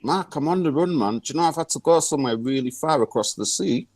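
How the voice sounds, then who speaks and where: A man's voice: fairly high pitch, lively intonation, fast talker, darkish tone. A man on a video call, delivering a sweary, exasperated improvised comic rant. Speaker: comedian guest.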